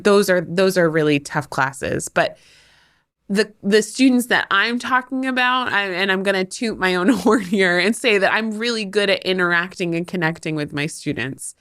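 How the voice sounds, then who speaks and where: Slow-talking, heartfelt woman host. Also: sits low, a bit bright, dry recording, clean studio sound. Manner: heartfelt and self-deprecating, laughing often. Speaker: podcast host, former teacher. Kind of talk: candid monologue.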